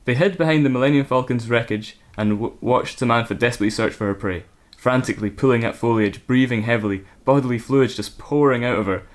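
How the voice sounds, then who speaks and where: A man, co-host of a podcast, reading crude fan fiction aloud in a mostly deadpan voice and chatting casually about it. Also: mid-range voice, fast talker, hardly any pauses.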